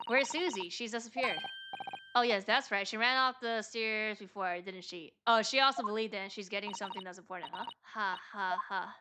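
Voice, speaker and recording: With game music running underneath and a noisy background, this let's-play streamer reads out a game's dialogue and performs all the characters herself. She speaks at normal speed in a medium pitch and drops casual asides between lines.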